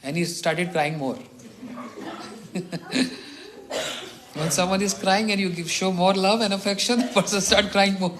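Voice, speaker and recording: A middle-aged man from India, a monk telling stories in a morning talk who chuckles often and clears his throat. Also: sits high, a little slow, pauses often, a crowd in the background. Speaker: monk teacher.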